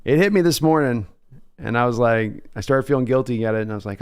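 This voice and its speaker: A man hosts a live stream reacting to a draft, breaking prospects down analytically yet casually and reading viewer comments aloud. He speaks fast in a medium-pitched voice that is clear, resonant and slightly mellow.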